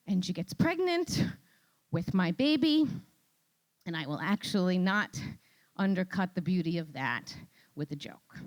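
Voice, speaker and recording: A woman with a New York accent telling a comic story on stage, animated and exclaiming, often tagging lines with "right?". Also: fairly low pitch. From Queens, New York. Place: event stage before an audience.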